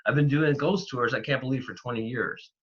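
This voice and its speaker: A man from Canada, a paranormal investigator, talking in a rambling, animated way with lots of fillers. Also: mid-range voice, brisk, husky. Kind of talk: casual interview talk. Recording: dull, lo-fi remote audio.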